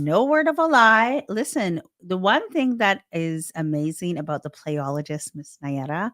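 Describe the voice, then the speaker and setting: A woman with a slightly low voice co-hosts a casual podcast chat. She talks in an animated, emphatic way, jumping from loud bursts to hushed asides. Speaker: podcast co-host.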